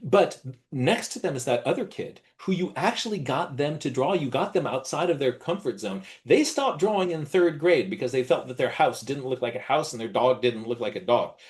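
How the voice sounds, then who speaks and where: A middle-aged man leading an online workshop, animated, acting out gushing praise in a high voice. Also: moderate pace. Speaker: workshop presenter.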